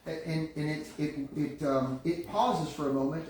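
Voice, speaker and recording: A game master narrates a live tabletop session, his voice slightly high for a man. He tells the scene in halting bursts, restarting his sentences. He sounds far off in a very echoey room with a faint hiss. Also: darkish tone. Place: room around a gaming table. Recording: echoey room, distant mic, faint noise.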